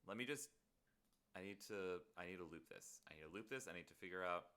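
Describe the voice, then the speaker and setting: A man's voice: low voice, lively intonation, fast talker. A man streaming live while making music, muttering to himself and joking playfully at his own expense as he greets his chat. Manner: muttering to himself, playful self-mocking asides.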